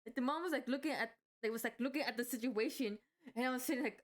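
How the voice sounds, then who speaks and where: A young woman chatting casually about her day at work, circling back and restarting her sentences often. Her voice sits a little high, and she speaks in a loose, rambling way. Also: fast. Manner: rambling, many restarts and "like" fillers. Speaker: vlogger. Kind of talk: casual storytelling.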